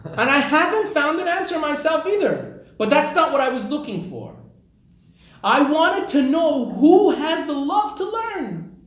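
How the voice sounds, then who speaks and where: A man doing a wise old rabbi who probes and challenges with a lively, rising voice. The sound carries a roomy echo. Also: very high voice, a little fast, pitched above the performer's own voice, full character voice. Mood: earnest. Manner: earnest, probing. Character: wise old male rabbi seeking a groom. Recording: echoey room.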